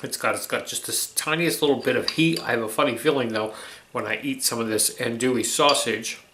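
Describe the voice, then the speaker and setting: A man's voice: medium pitch, fairly quick, sharp tone, a little hiss or hum. A man hosting a home cooking vlog, chatting in an easygoing way and tasting his food as he talks. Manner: chatty and easygoing, keeps saying alrighty. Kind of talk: casual cooking vlog chat. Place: home kitchen. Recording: echoey kitchen room.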